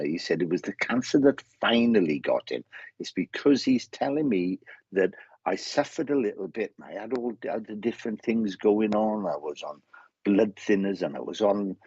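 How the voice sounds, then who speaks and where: A middle-aged Welsh man with a low, husky voice hosts a live mediumship session, greeting people one after another in a chatty way. The sound is dry and a little dull. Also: a little mellow, no room sound. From Wales.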